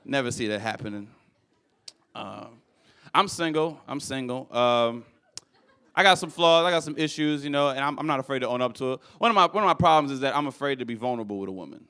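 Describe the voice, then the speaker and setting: A young man performing a stand-up comedy set on stage, animated and acting out people with loud high voices. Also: fast, clear, resonant tone. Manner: animated, acts out characters with shouted high voices. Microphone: handheld stage mic.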